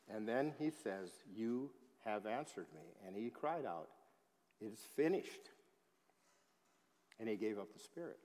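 A man preaching a sermon as pastor, slow and emphatic, swelling in volume on key phrases. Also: medium pitch, animated, darkish tone. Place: church sanctuary. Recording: long hall reverb.

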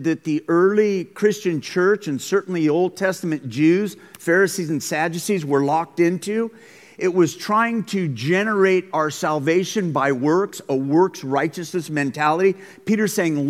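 Preaching man in an echoing gym. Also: fairly high pitch. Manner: conversational, emphatic preaching. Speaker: pastor. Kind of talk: sermon. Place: school gym. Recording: long hall reverb.

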